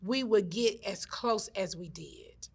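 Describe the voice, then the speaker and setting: A woman's voice: mid-range voice, lively intonation, slow pace, gravelly, a little mellow, husky. A woman hosting a casual chat, teasing her guest and calling her "honey" and "girl". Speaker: host.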